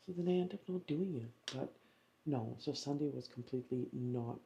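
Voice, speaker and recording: A woman's voice: extremely low pitch, moderate pace, gravelly, mellow, muffled recording, slight background noise. A woman vlogger chatting casually at home, rambling through a story with lots of fillers. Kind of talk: casual vlog chat.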